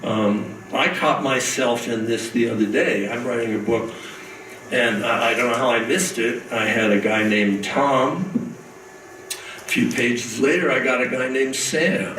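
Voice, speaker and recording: A man's voice: medium pitch, measured pace, fairly bright tone. A man giving an author's talk at a writing conference, chatty and full of "uh" fillers as he tells anecdotes and quips with the audience. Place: conference room. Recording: echoey hall, mic at a distance, faint hiss.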